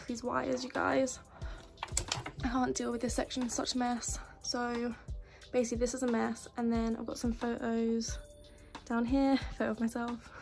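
Chatty young woman over background music. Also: a little high. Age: young adult. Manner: chatty, listing items as she goes. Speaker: vlogger giving a room tour. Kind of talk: casual room-tour narration. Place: student bedroom in university housing. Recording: music playing under the voice.

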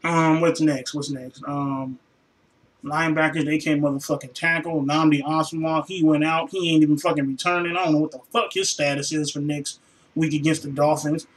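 A man in his room ranting as a sports fan, profane and exasperated, sighing heavily and swinging between low mutters and sudden shouts. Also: steady tone, brisk, low-quality recording. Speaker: vlogger reacting to a football loss. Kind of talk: angry fan rant.

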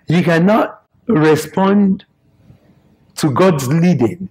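A man's voice: fairly high pitch, animated, takes it slowly, long pauses, a little mellow, breathy edge, poor audio. A man preaching a sermon in short, emphatic, repeated phrases.

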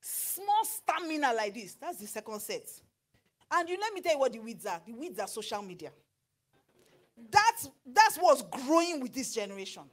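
A middle-aged Nigerian woman preaching on marriage, animated and slipping into pidgin with acted asides. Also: high-pitched, moderate pace. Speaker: pastor and marriage counselor. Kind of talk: sermon.

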